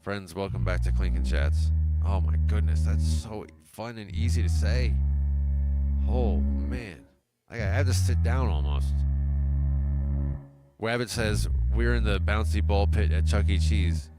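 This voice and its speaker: Rambling man over loud synth music. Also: lowish voice, expressive, a little slow. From United States. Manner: musing, rambling, self-interrupting. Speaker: livestream host. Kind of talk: casual chat reading viewer comments. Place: home music studio.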